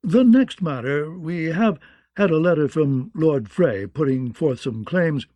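A man voicing a bluff, slow-witted knight on a royal council. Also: fairly high pitch, lively intonation, mellow, no room sound, voice pushed up. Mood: fussy.

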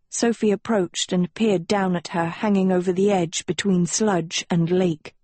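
A woman narrating an audiobook in a measured, unhurried storytelling manner. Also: fairly low pitch, steady tone, mellow, dry recording. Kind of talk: scripted narration.

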